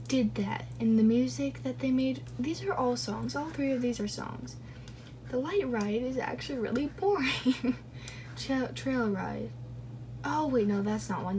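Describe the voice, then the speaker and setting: A woman's voice: on the high side, mellow, slight background noise. A young woman giving casual commentary on a game as she plays, chatty and rambling, laughing and correcting herself as she goes. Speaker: YouTube gamer.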